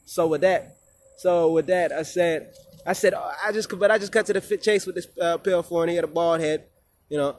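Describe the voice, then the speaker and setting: A man's voice: high voice, brisk, darkish tone. A man, a wellness coach, talking to his viewers in an emphatic, preachy way with lots of casual slang. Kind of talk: informal monologue to viewers.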